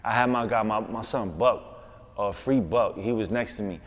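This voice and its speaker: A man with a New York accent, a guest on a podcast, telling a story in an insistent, animated way with street slang. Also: fairly low pitch, normal speed, big-room sound. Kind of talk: casual podcast interview.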